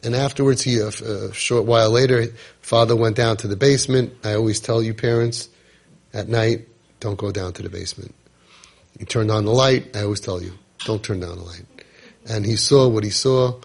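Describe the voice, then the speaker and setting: Husky emphatic man telling a story. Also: on the low side, moderate pace. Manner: emphatic, repetitive, dramatic retelling. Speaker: parenting coach. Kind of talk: podcast storytelling talk.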